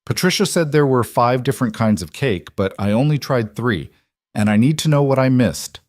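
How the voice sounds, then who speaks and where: A man's voice: mid-range voice, expressive, moderate pace, darkish tone, dry recording, clean studio sound, voice pushed up, close to an everyday voice. A man voicing a bouncy, bossy eight-year-old girl who talks eagerly and with total certainty. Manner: eager, matter-of-fact, insistent.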